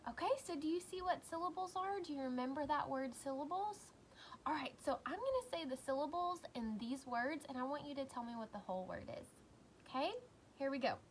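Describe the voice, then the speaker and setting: A woman teacher giving a recorded lesson for young children, encouraging them and clearly sounding out words. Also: high voice, lively intonation, a little fast, slight background noise.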